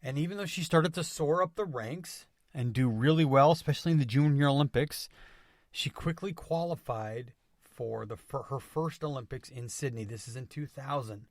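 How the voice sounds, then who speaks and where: An energetic man hosts a motivational podcast at a middle pitch. His delivery is emphatic, and he keeps coming back to his catchphrases. The sound is dry and close, with no room echo. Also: moderate pace. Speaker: podcast host.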